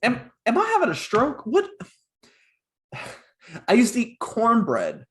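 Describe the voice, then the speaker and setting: A man from Louisiana with a Cajun accent, co-hosting a casual podcast over a video call, animated and quick to laugh. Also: extremely high pitch. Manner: animated, laughs easily, storytelling asides. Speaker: podcast co-host. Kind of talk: casual chat.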